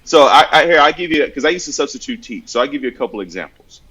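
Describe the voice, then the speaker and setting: A man's voice: a little high, animated, quick pace, pushed and bright, husky, dull audio. A man on a podcast giving earnest, conversational advice and telling anecdotes as examples. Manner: earnest, storytelling with acted-out examples. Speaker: podcast guest giving mental health advice.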